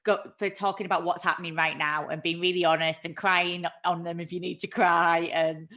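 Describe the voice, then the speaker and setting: A woman's voice: fairly low pitch, flat delivery, brisk, sharp tone. A woman hosting a casual live chat, talking freely and laughing often at herself. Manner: chatty, laughs often, self-deprecating. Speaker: livestream host.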